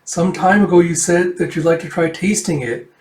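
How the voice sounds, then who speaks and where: A man voicing a bashful, eager young bride in a slightly raised, excited voice, while reading a comic aloud. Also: a little high, moderate pace, echoey room, pitched above the performer's own voice, natural voice.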